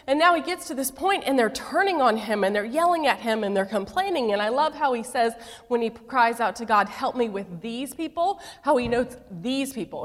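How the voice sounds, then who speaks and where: A woman's voice: sits high, long reverb tail. A middle-aged woman pastor preaching a sermon, telling stories with playful asides.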